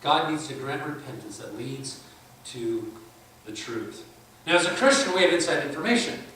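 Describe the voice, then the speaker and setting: A man's voice: mid-range voice, expressive, moderate pace, sharp tone. A man preaching at a conference, emphatic, acting out both sides of his debates with skeptics. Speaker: conference speaker. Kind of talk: sermon. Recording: echoey church hall from far off.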